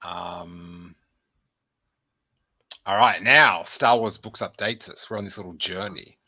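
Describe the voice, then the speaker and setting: A man's voice: sits low, slow, pushed and bright, no room sound, studio quality. A man hosting a livestream podcast in a casual, playful, rambling chat. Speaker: podcast host.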